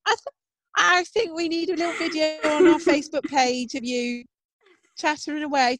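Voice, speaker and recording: High, excitable woman. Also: normal speed. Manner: enthusiastic, coaxing, giggly. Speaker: podcast co-host. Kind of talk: casual chat.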